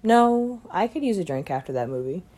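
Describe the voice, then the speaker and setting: A woman's voice: fairly low pitch, very animated, fairly quick, mellow. A woman reading aloud voicing an anxious, easily embarrassed young female college student in a storybook, raising her voice a little for her lines. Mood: defensive.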